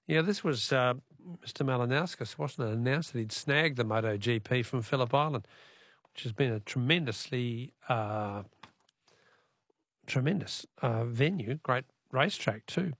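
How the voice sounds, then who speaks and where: A man's voice: mid-range voice, normal speed, fairly bright tone, dry recording, clean studio sound. An Australian man hosting a radio talkback quiz in a chatty, friendly way, with frequent fillers.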